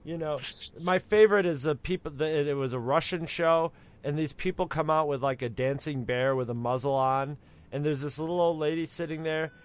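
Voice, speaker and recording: A man's voice: a little high, brisk, smooth. Man rambling through a laughing movie chat. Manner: rambling, laughing, profane storytelling. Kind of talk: casual movie commentary chat.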